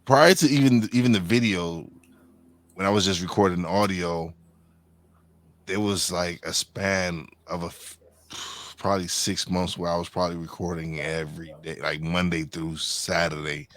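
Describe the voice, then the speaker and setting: A podcast host with a low, slightly bright voice chats at normal speed in a steady tone, with no echo. The casual interview conversation rambles, full of restarts and self-corrections.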